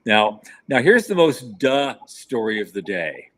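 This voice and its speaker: A man's voice: mid-range voice, big pitch swings, measured pace, fairly bright tone. A man co-hosting a podcast, chatting casually about space industry news with wry, sarcastic asides. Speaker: podcast co-host.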